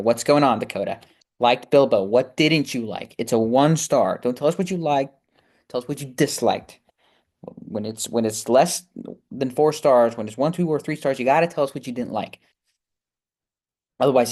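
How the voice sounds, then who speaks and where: A man hosting a casual book review video, reading reviews aloud and answering them with chatty, sarcastic commentary and frequent laughs. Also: mid-range voice.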